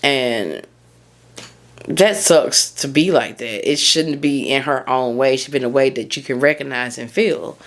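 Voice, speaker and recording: Her voice is bass-low and unhurried as she hosts a solo podcast. A mindset coach by trade, she speaks candidly and heartfelt, rambling and prone to losing her thread.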